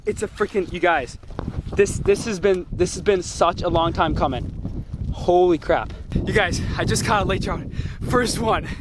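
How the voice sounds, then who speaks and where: Excited young man on a fishing trip. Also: sits high, a little slow, noisy background. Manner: excited, exclaiming, swearing. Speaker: vlogger. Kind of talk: casual outdoor fishing vlog. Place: on a lake in a boat. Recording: loud music under the voice.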